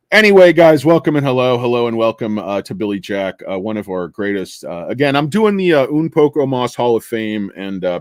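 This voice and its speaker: A man's voice: on the low side, dry recording. A middle-aged man hosting a casual livestream, tired and over-caffeinated, rambling and joking with the chat. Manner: rambling, joking, greets chatters. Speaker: livestream host.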